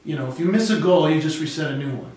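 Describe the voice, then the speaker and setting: A middle-aged man, a guest speaker and comedian, tells an animated personal story and acts out the people in it. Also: fairly high pitch, fast, far from the mic. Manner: lively and expressive, acting out the people in his stories. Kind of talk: animated storytelling in a podcast interview. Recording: echoey room, voice away from the mic.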